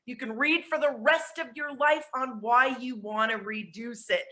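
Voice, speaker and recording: Woman, high bright voice, flustered and sweaty, rallying her team over a video call from home. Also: normal speed. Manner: energetic and chatty, laughing at herself. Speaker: network marketing speaker. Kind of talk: motivational online presentation. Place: at home with dogs.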